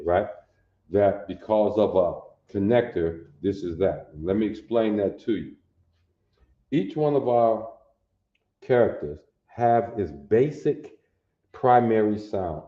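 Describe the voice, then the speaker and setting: A man teaching a language class, slow and patient, sounding out each syllable aloud. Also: on the low side, animated, roomy sound, lo-fi sound. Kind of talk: classroom lesson.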